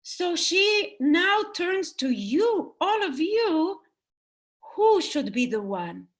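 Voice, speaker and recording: A woman telling a children's story to an audience on a video call, expressive and engaging. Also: very high-pitched, takes it slowly.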